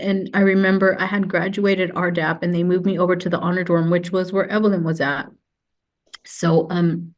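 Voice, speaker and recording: A woman telling her own story as a podcast guest, halting and tearful, often restarting her sentences. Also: on the low side, level tone. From United States. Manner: halting, with many restarts and fillers. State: tearful, close to crying. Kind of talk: emotional personal testimony.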